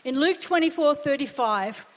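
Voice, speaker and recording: A woman pastor preaches in a high, ringing voice. She drives her points home with urgent repetition. A long reverb hangs after each phrase in the church hall. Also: expressive, normal speed. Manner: impassioned, emphatic preaching with repeated phrases. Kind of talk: sermon.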